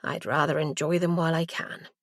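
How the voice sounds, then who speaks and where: Woman narrator voicing Cornish mum, ailing but cheerful, soft low delivery, dry audiobook sound. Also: lively intonation, brisk, dry recording. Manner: soft, lowered voice. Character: ailing older mother, cheerful and gentle.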